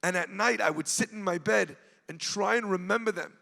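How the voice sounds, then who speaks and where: A man, a rabbi, giving an impassioned storytelling speech at an event, rising at times to shouts. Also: high-pitched, moderate pace, gravelly, in a large hall. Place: large event hall.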